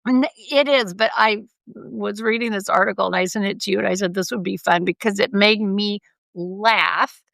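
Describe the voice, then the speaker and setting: A woman's voice: medium pitch, normal speed, creaky, a bit bright, dry recording. A woman co-hosting a podcast in casual chat, talking emphatically and laughing often. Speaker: podcast co-host.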